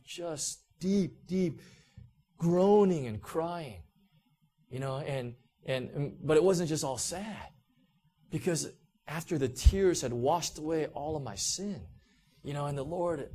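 Male preacher, slightly higher pitch, chatty sermon delivery with lots of fillers. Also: takes it slowly, dark tone. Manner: conversational, heavy use of "you know" and restarts. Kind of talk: sermon with personal testimony.

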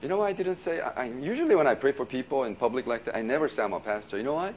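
A male pastor preaching in a casual, storytelling way, laughing often and filling his talk with "you know" and quick restarts. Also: mid-range voice, expressive, a little hiss or hum. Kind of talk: sermon storytelling.

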